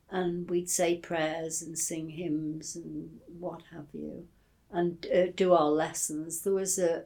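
Her voice is lowish and dark with some vocal fry as this older English woman reminisces about childhood in an oral history interview. She stumbles through plenty of fillers and restarts, speaking with fondness throughout.

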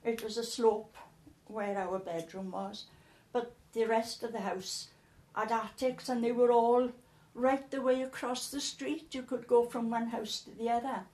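A woman's voice: on the high side, steady tone, a little slow, hardly any pauses, a little mellow, roomy sound. Older woman, casual storytelling, repeats herself. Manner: chatty, laughing, repeats words as she recalls. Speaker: interviewee.

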